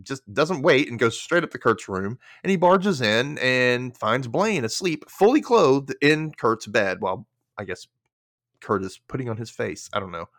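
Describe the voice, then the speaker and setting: With a moderate pace and studio-quality sound free of echo, a male podcast host casually recaps an episode. He animatedly acts out the characters' dialogue, swinging widely in pitch.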